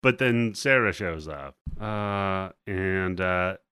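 A man's voice: low voice, takes it slowly, bright, forceful tone, clean tone, dry recording, studio quality. A man hosting a podcast, casually recapping a movie scene by scene with lots of swearing and laughter. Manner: profane, laughing, play-by-play retelling. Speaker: podcast host.

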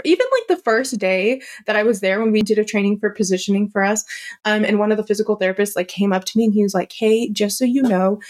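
A young woman co-hosting a podcast, telling a personal story in a casual, animated and emotional way, full of "like" and fillers. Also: fairly high pitch. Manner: animated and emotional, heavy use of "like". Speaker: podcast co-host.

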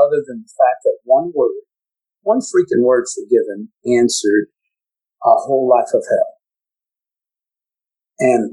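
A man shares a personal testimony on a podcast in a mellow, warm tone. He speaks haltingly and with feeling, stumbling over and repeating words as he goes. His pitch sits in an ordinary middle range. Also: rough recording. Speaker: podcast guest.

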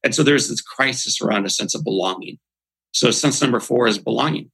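A man's voice: mid-range voice, a little fast, gravelly, a bit bright, breathy edge, low-quality recording. A man, a guest on a podcast, giving motivational interview talk in an earnest, emphatic, almost preacher-like way.

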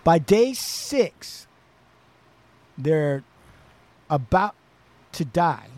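A podcast host tells a story in a loose, chatty way, full of casual swearing. His voice sits fairly high for a man, and he keeps the telling animated. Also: drawn-out words. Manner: profane, animated retelling.

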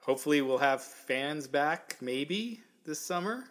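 A man's voice: on the high side, expressive, a little slow, a bit bright. A man hosting a casual podcast chat, talking with many fillers and stumbling restarts. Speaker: podcast host reading viewer messages.

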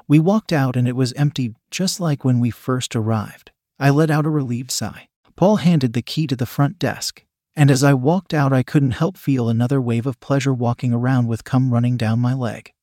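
A man's voice: mid-range voice, warm tone, no echo, clean studio sound. A man steadily reading a first-person erotic story aloud. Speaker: narrator.

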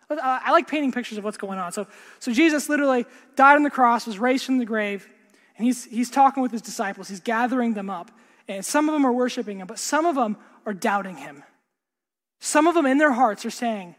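A man's voice: very high voice, lively intonation, brisk. Earnest preacher man in a reverberant hall. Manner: earnest, repeats words, drops to a hush for emphasis. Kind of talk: sermon.

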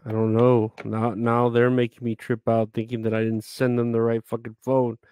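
A man's voice: mid-range voice, monotone, normal speed, mellow, smooth, no echo. A man chatting casually with viewers on a live stream, rambling, grumbling and swearing a lot.

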